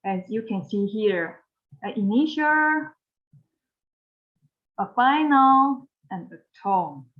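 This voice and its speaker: A woman whose first language is Mandarin gives a recorded pronunciation lesson, slow and patient and often repeating a phrase. Her voice sits a little high. The recording is dull and lo-fi. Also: lively intonation. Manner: patient, repeats phrases, spells out each step. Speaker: Mandarin teacher.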